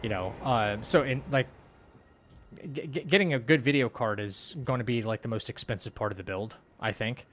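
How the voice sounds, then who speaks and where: A man's voice: mid-range voice, normal speed, fairly bright tone. Loose, rambling male game streamer. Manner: rambling, loose, full of "like" and restarts, reads chat aloud. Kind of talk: casual live-stream chat while playing.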